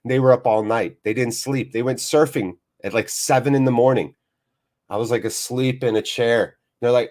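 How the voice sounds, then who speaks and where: A man's voice: mid-range voice, moderate pace, darkish tone. Upbeat male stream host, casual jokey chat with viewers, mid-range voice. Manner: upbeat, jokey, chatty, reads out viewer comments. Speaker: host of a live football watchalong.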